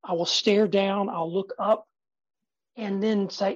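A man in his fifties, a guest speaker in a podcast interview, talking energetically and emphatically with dramatic pauses and sudden soft drops. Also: high voice, steady tone, slightly rough, no room sound, lo-fi sound. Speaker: guest speaker and sales trainer.

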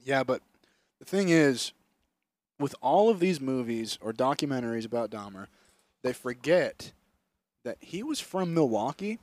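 Animated, profane young podcast host. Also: male voice, mid-range voice, unhurried, pauses often, no echo. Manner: profane, animated, slips into mocking impressions. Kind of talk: casual comedic chat. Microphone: close podcast mic.

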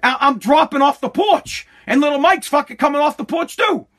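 Middle-aged man, very high bright voice, swears nonstop, animated rant about the old days. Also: brisk. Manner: swears constantly, animated, self-interrupting. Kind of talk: casual profane storytelling rant.

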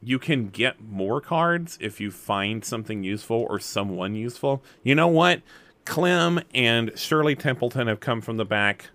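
Lively man running a game. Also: mid-range voice, normal speed, no echo. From Alabama. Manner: rambling and lively, explaining rules aloud. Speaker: game master. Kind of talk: narrating a tabletop game.

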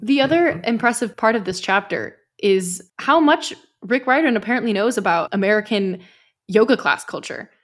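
A woman's voice: mid-range voice, animated, moderate pace. A woman hosting a fan podcast, gushing and enthusiastic in casual chat. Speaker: podcast host.

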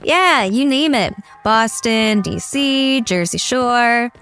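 An actress playing a sardonic, cocky young wasteland drifter in an audio drama. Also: female voice, on the high side, lively intonation, takes it slowly, fairly bright tone, smooth, faint music behind, exaggerated voice.

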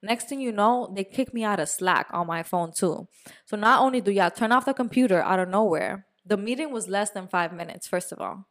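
Animated young woman telling a story. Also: medium pitch, a little fast. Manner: animated storytelling, swears and slips into Spanish words. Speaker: podcast co-host. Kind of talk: casual chat.

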